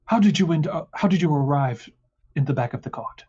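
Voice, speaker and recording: A man's voice: a little high, expressive, brisk, mellow, slightly rough, pitched above the performer's own voice. A man voicing a wary, armed city guard, commanding and urgent, in slightly muffled audio.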